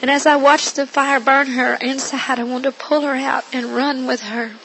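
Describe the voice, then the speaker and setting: A woman's voice: high-pitched, fairly even intonation, normal speed, a bit bright, slight background noise, poor audio. A woman earnestly reading her own first-person testimony in a solemn manner. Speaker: narrator.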